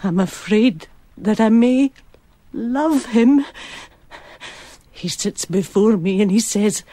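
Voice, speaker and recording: A woman playing a husky, brooding mistress. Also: mid-range voice, mellow, dry recording. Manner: slow, brooding poetic monologue. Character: king's mistress turning into a beast.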